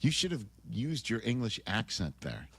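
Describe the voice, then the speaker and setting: A man's voice: lowish voice, sing-song, moderate pace, fairly bright tone, husky. A man hosting sports talk radio, teasing his co-hosts in casual banter. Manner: teasing, interrupting. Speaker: radio host.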